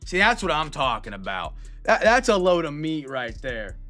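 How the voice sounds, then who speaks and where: A man's voice: fairly high pitch, big pitch swings, normal speed, sharp tone, faint music behind. A young man hosting a live card break stream, chatting upbeat with viewers, greeting them by name and stretching out hype calls.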